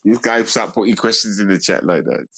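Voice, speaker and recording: A man's voice: fairly low pitch, a little fast, fairly bright tone, husky. A young man ranting on a casual livestream, mocking and repetitive as he talks to his chat.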